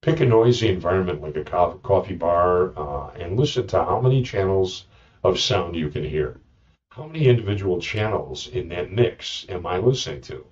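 A man's voice: low-pitched, darkish tone, recorded from a distance, lo-fi sound. A man hosting a podcast, talking through listening tips in a rambling, joking monologue with many restarts. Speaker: podcast host. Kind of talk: casual monologue.

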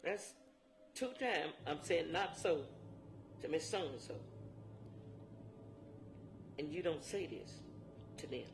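Brief: older woman, rough gravelly tone, plain testimony in dialect. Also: low-pitched, animated, slow pace, long pauses, slight background noise. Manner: dialect speech with emphatic repetition. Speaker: interviewee. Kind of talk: personal testimony. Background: music.

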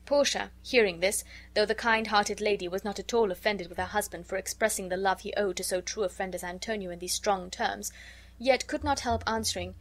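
A woman reading a classic story aloud as an audiobook narrator, in an even, measured way. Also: mid-range voice.

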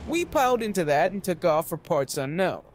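A man reading a novel aloud as narrator, with an expressive delivery. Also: high-pitched, a little fast, a little hiss or hum. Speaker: audiobook narrator.

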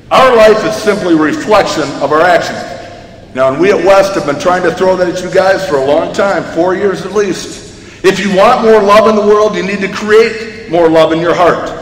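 Guy giving a jokey grad speech, kinda high voice, big echoey arena sound. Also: a little hiss or hum. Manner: folksy and joking, acts out voices in a story. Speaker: school principal giving a graduation speech. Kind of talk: informal commencement speech. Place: large arena. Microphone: PA microphone heard in a big hall. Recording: echoey arena with long reverb.

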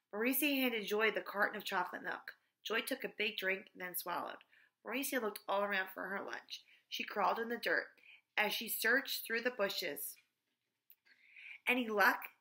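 A woman reads a children's chapter book aloud in a cheerful, chatty way. Her voice is bright and clear, pitched in an ordinary middle range.

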